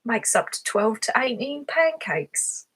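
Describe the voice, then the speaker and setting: A woman's voice: fairly high pitch, sing-song, measured pace, a bit bright, slightly rough, pitched above the performer's own voice, exaggerated voice. A woman putting on a mock Cockney recipe reader. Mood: playful.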